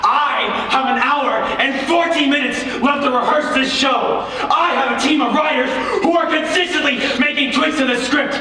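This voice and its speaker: A man playing a harried stage director in an audio drama, weary and quick to lose his temper. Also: sits high, expressive, exaggerated voice. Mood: exasperated. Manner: weary, then shouting in exasperation. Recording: echoey hall, distant mic, faint noise.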